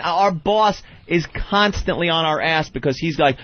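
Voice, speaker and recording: A man's voice: on the high side, measured pace, few pauses. Radio guy ranting, swears a lot, sarcastic, muffled lo-fi sound. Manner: heated, profane, sarcastic. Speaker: radio show co-host. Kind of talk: casual radio talk, storytelling. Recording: dull lo-fi radio recording.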